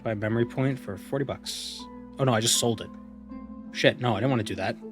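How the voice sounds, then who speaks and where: A man chats casually while he plays a video game, rambling and amused as he thinks out loud. Soft music sits faintly behind his voice. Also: medium pitch, fast. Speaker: streamer. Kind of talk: casual gameplay commentary.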